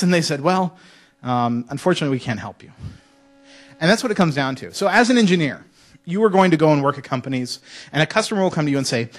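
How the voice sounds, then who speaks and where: A man giving a casual, joking conference talk to students in a lecture hall, telling stories with lively asides. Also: fairly high pitch, fast. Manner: casual, joking storyteller with mock French voices. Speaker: conference speaker.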